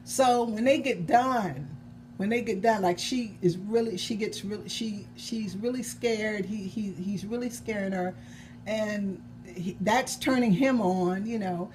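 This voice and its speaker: A woman's voice: medium pitch, a little slow, darkish tone, a little hiss or hum. A woman novelist vlogging in a casual chat about her own book, rambling and correcting herself as she goes, with the odd chuckle.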